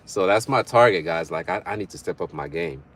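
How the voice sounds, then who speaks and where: A man's voice: deep voice, expressive, a little fast, fairly bright tone. A young man hosting a livestream in casual chat, reading viewer comments aloud, bantering and laughing often. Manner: laughs often between remarks. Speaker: livestream host.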